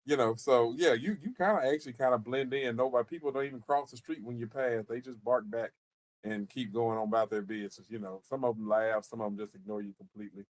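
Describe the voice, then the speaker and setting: Game master, male, mid-pitched, casual streamed narration that restarts and repeats words. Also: fast talker. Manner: loose, repeats words, frequent restarts and "you know".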